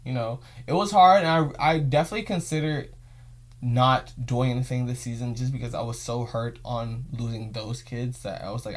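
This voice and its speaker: A man's voice: medium pitch, normal speed, a little hiss or hum. A young man hosting his own show, telling an emotional story in a rambling, repetitive way. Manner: rambling, emotional, repeats phrases. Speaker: podcast host. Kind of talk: casual storytelling vlog.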